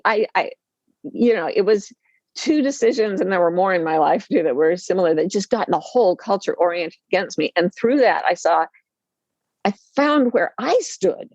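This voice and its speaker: A woman, an author and life coach, telling personal stories with lively, self-deprecating humor and acting out the voices she quotes. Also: mid-range voice, dry recording, lo-fi sound. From Utah, USA. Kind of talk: candid storytelling interview.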